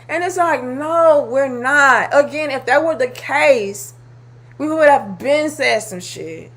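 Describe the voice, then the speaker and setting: Commentary host, woman, high voice, blunt heated rant, swears a lot. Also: expressive, slow pace, fairly bright tone. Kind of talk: reacting to clips, ranting commentary.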